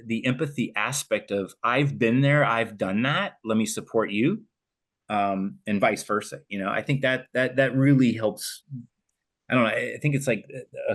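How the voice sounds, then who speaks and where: A man co-hosting a podcast, telling stories in a lively, casual way and swearing freely. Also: fairly low pitch. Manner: animated storyteller, swears casually. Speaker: podcast co-host. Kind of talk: casual chat.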